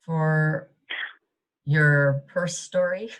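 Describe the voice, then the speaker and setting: Slow-speaking woman facilitator. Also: deep voice, steady tone, clean tone, poor audio. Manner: slow, hesitant questions. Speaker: class facilitator.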